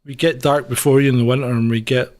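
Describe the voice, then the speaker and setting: A man's voice: mid-range voice, steady tone, quick pace, darkish tone. A man from Scotland, co-hosting a casual news chat in an easygoing way and laughing often. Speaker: co-host.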